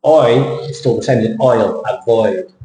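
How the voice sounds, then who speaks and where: A man teaching pronunciation, repeating words slowly for students to copy. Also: mid-range voice, warm tone. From England. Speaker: accent teacher. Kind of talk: pronunciation lesson. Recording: echoey room, faint noise.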